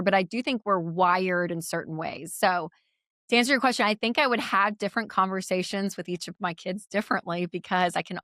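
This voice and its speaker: A woman's voice: lowish voice, a bit bright, no room sound, clean studio sound. A woman in her thirties, a podcast guest, chatting candidly and telling stories with easy laughs. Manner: chatty storyteller, laughs easily. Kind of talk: candid conversational interview.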